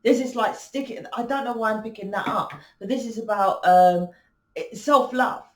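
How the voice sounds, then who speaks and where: A woman's voice: a little high, moderate pace, roomy sound. A woman hosting a spiritual channel, talking casually and rambling with many restarts and fillers. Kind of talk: casual spiritual talk to camera.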